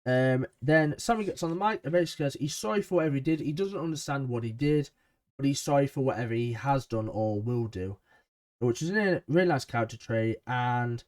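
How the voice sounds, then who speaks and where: Mellow-voiced man giving an enthusiastic recap. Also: mid-range voice. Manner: chatty, enthusiastic, frequent ums. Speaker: wrestling show reviewer. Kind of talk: casual episode recap.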